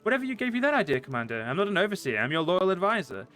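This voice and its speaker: Man voicing a fox-folk diplomat woman, poised, persuasive, game character, slightly raised pitch. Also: big pitch swings, very fast, fairly bright tone, soft background music. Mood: reassuring. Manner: read aloud with stumbles, slightly higher pitch.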